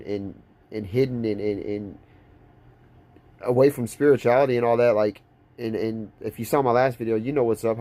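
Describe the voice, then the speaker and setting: A man's voice: fairly low pitch, mellow. Rambling, intense young man vlogging. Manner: rambling, intense, many restarts. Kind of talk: casual rambling monologue.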